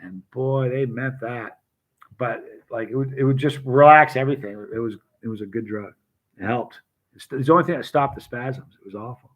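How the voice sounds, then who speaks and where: Through a muffled recording, a middle-aged man at medium pitch and normal speed tells meandering personal stories to his live chat. He keeps cutting himself off and addresses viewers by name.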